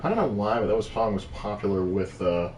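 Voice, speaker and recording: A man tosses in dry jokes, his voice lively in pitch. He sits a little back from the mic in an echoey room, with a faint hiss behind him. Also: fairly quick, far from the mic. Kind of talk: casual gameplay chat.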